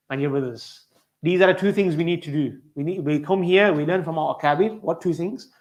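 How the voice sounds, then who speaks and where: Fast-talking male preacher telling stories. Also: fairly high pitch. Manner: storytelling, addresses listeners as dear brothers. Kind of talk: sermon.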